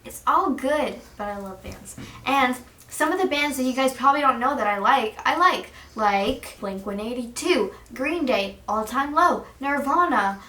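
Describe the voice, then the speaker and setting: A teenage girl vlogging as an excited fan, gushing and saying "like" constantly. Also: high voice, measured pace, roomy sound, recorded from a distance. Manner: gushing, giddy, says "like" constantly. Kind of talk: excited fan chat to camera.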